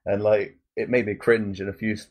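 A man's voice: lowish voice, flat delivery, normal speed, a little hiss or hum. A man co-hosting a podcast in casual chat, telling stories with constant fillers. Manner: anecdotal, heavy use of fillers like "like". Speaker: podcast co-host.

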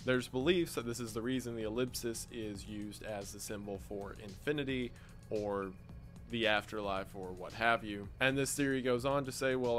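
A man's voice: lowish voice, a bit bright. A man narrating an explainer video in a scripted, explanatory way with dry, wry asides.

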